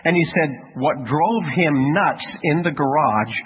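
A man's voice: a little high, animated, a little slow. A man preaching a sermon in a folksy storytelling manner, asking his listeners questions. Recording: tinny phone-like radio sound with faint noise.

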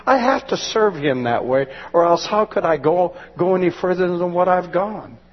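A male pastor preaches with fervent conviction, his husky voice pitched a little high. He builds toward loud exclamations. The recording is dull and lo-fi, with long reverb from a church sanctuary. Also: moderate pace. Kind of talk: sermon.

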